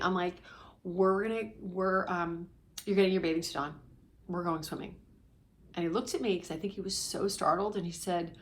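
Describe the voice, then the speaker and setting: Animated mom vlogger, sometimes whispering. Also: female voice, medium pitch, moderate pace. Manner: animated storytelling, at times dropping to a whisper. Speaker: parenting coach for ADHD families. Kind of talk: casual confiding vlog. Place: indoors at home.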